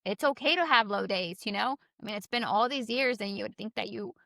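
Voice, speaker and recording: A woman in her thirties co-hosting a podcast, energetic and expressive, swearing freely in casual chat. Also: medium pitch, brisk, gravelly, no echo, studio quality. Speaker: podcast co-host.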